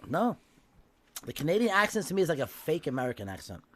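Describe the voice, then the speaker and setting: A man's voice: on the high side, sing-song, quick pace, fairly bright tone. A middle-aged man with a thick Brooklyn accent, a podcast guest chatting bluntly and swearing freely. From Brooklyn, New York. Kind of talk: casual podcast chat.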